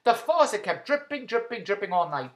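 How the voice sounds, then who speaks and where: A man's voice: high voice, sing-song, fairly bright tone. Joke-cracking middle-aged man, echoey room. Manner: rapid-fire old-school joke telling, repeating punchlines. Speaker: husband sending a birthday message. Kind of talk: comic birthday monologue of one-liner jokes.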